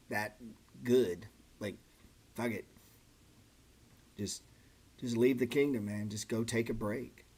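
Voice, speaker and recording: A man's voice: mid-range voice, a little mellow, husky. A middle-aged man hosting a trading stream, talking casually and bluntly, swearing often and calling listeners "man" and "bro". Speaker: trading channel host. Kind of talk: casual livestream chat about trading.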